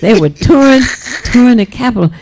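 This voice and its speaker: Brief: woman guest, mocking storyteller, very lively and animated pitch, talk-show chat. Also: brisk, background noise.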